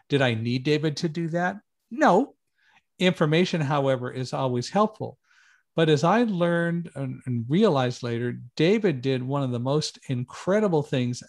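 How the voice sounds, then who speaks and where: A middle-aged man telling a personal story as an interview guest, lively, acting out quoted lines with raised voice. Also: moderate pace. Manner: animated, raises pitch and volume for quoted lines. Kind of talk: conversational storytelling.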